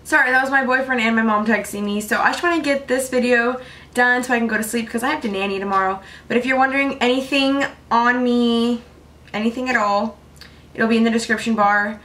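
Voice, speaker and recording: A woman's voice: a little high, steady tone, a little fast, fairly bright tone. A tired young woman vlogger telling a true story to her camera in a chatty, rambling way, full of "like" fillers.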